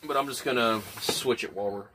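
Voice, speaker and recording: A man chatting casually as a guest, rambling and easygoing, often halting mid-sentence. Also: mid-range voice, background noise. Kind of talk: casual chat.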